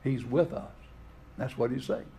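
A man's voice: medium pitch, a little slow, creaky, warm tone, husky. A man preaching a sermon, asking rhetorical questions and voicing the scripture he quotes with expression. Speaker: pastor.

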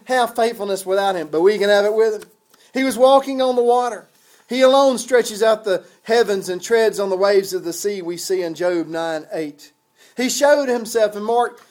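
A man's voice: sits high, darkish tone. A man preaching a sermon in a conversational, folksy way, with chuckles and casual asides.

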